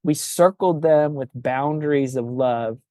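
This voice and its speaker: A man's voice: a little high, a little slow, a little mellow, no room sound. A man in his fifties, a pastor, talking reflectively on a podcast and often restarting his phrases. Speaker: pastor and guest. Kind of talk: casual podcast conversation.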